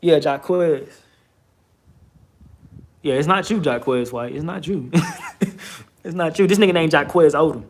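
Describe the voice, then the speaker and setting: A man's voice: a little high, a little slow, pauses often, a little hiss or hum. Fired-up man telling a street story. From Texas, USA. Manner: emphatic, profane, streetwise retelling with rising bursts of emphasis. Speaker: vlogger. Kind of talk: casual storytelling monologue.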